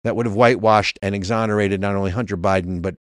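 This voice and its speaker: A man's voice: on the low side, steady tone, fast, clear, resonant tone, no echo, clean studio sound. A man co-hosting a political talk show, arguing emphatically and reading legal text aloud. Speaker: co-host.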